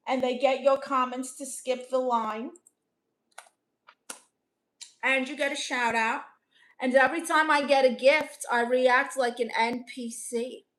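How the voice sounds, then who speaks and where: A young woman from Brooklyn reading out her chat on a casual livestream, dry, deadpan and sarcastic. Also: sits high. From Brooklyn, New York. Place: home in Los Angeles.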